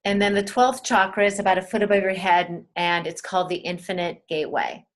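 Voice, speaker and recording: A woman teaching a spiritual webinar in a gentle, soothing way, talking straight to her listeners and repeating key words. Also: mid-range voice, steady tone, brisk.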